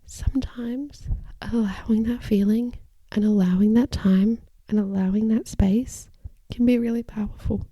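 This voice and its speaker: A woman occupational therapist hosting an educational podcast, speaking in a calm, measured way into a microphone, her phrases often trailing off into breathy whispers. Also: on the high side, no echo.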